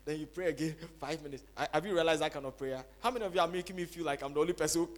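A man preaching a sermon as pastor, swinging between loud cries and quiet, dropped-voice asides to the congregation. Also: fairly high pitch, racing, hardly any pauses. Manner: preaching with dramatic rises to shouting and drops to soft asides.

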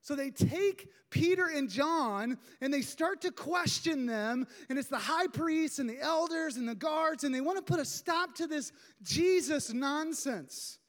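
High-voiced pastor preaching in a reverberant hall. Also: unhurried. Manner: animated, emphatic storytelling. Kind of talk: sermon. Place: church sanctuary with seating.

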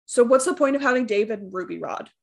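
A woman's voice: fairly high pitch, lively intonation, fast, gravelly. A woman casually critiquing a movie on a podcast, picking apart its plot. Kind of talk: casual film discussion.

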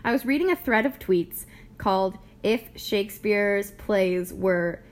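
A woman's voice: medium pitch, measured pace. A woman co-hosting a podcast in casual chat, playful and often laughing. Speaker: podcast co-host.

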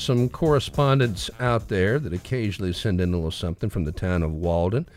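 A male podcast host, telling a story and reading a local news roundup in a folksy, animated way, laughing often. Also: deep voice, fairly quick, hardly any pauses, soft background music.

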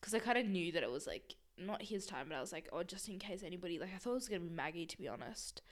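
A woman's voice: fairly low pitch, animated, rapid-fire. Chatty young woman, laughing easily. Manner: chatty, heavy use of "like", laughing often. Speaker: podcast co-host. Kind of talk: casual chat.

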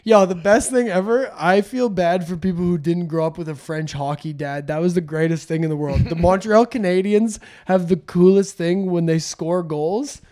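A man with a high voice talks on a comedy podcast as an animated storyteller. He laughs at his own jokes and swears freely, keeping a loose, conversational rhythm. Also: moderate pace, hardly any pauses. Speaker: comedian guest. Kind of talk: casual comedy podcast chat.

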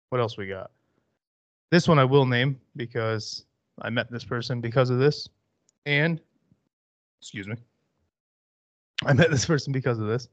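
A man's voice: medium pitch, no echo, highs cut off. A young man hosting a podcast, ranting bluntly about football and swearing freely. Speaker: podcast host. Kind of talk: profane casual monologue.

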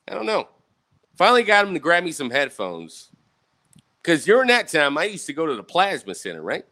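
A young man rambles through a profane, casual storytime for his viewers, often asking "right?". His voice is bright and slightly high, with pitch that swings widely as he talks. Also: huge pitch swings, fairly quick. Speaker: vlogger.

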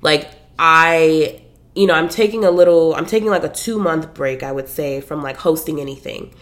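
A woman's voice: sits low, normal speed. Chatty woman podcaster, slangy and casual. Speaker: podcast host. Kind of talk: casual chat about books.

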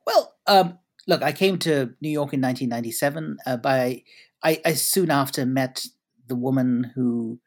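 A middle-aged man from Britain, a journalist being interviewed, telling stories in a wry, unhurried way with frequent restarts and fillers. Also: mid-range voice. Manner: anecdotal, hesitant with restarts, wry. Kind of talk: conversational interview.

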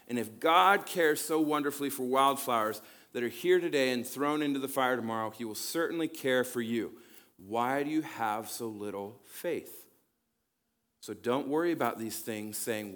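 A man preaching in a loose, conversational way, speaking at an ordinary middle pitch. He keeps checking in with his listeners and reads scripture aloud with lifted energy. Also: lively intonation, unhurried, a bit bright. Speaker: pastor and counselor. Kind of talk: casual sermon teaching. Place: church campus.

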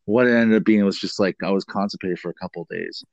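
A man's voice: low-pitched, fast talker, creaky, a little mellow, no echo, muffled recording. A man in casual chat, telling a rambling story with swearing and teasing his co-host.

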